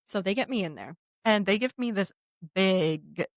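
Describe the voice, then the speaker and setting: A woman co-hosting a podcast, telling a funny story in a casual, animated way and often laughing. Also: mid-range voice, normal speed, no room sound, studio quality. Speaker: podcast co-host.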